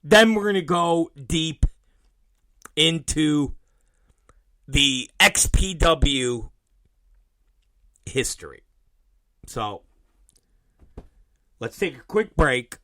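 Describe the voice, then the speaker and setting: A man's voice: on the high side, animated, very slow, pauses often, bright, forceful tone, no room sound, low-quality recording. Profane, rambling male radio host. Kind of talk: casual radio show monologue.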